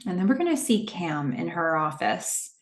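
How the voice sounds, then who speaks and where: Woman podcast host, casual recap, chatty and animated; lowish voice, echoey room. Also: moderate pace. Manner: chatty, animated, many fillers.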